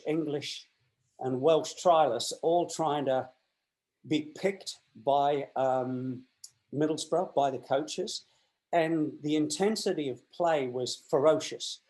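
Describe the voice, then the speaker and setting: Australian man with a higher voice, telling stories. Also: slow, low-quality recording. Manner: animated, acts out the voices in his tales. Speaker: interview guest. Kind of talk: anecdotal storytelling in casual chat.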